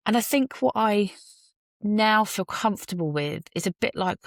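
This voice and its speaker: Animated and medium-pitched, a woman talks at a moderate pace on her own podcast, recorded by phone in a parked car. Her reflective monologue is earnest and musing, sprinkled with jokes at her own expense, with studio-quality audio and no room sound.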